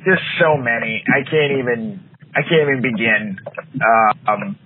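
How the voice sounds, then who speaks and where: A man's voice: mid-range voice, unhurried. A man co-hosting a podcast in casual chat, ranting with exasperation about TV shows and slipping into playful voiced quotes. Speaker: podcast co-host. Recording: tinny phone-like sound with faint noise.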